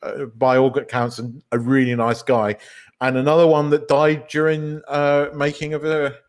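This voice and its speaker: A man's voice: medium pitch, level tone, normal speed. Giggly man chatting about films. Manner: rambling, giggly, many restarts. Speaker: podcast co-host. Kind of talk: casual film chat.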